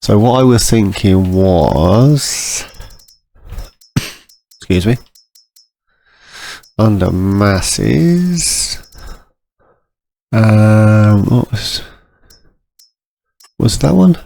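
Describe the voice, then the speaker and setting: A man giving casual, rambling commentary over a farming game, often clearing his throat. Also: fairly low pitch, animated, very slow, long pauses, dark tone. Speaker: gameplay commentator.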